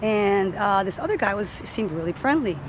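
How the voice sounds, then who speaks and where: A woman's voice: mid-range voice, moderate pace, a little hiss or hum, low-quality recording. A woman fitness coach telling a personal story in casual talk, acting out what others said. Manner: animated, acts out quoted voices.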